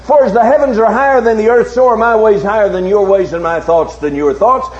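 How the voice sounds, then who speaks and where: A male preacher giving a sermon, swinging from low hushed tones to loud, emphatic challenges with repeated rhetorical questions. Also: a little fast. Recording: echoey, dull recording with faint hum.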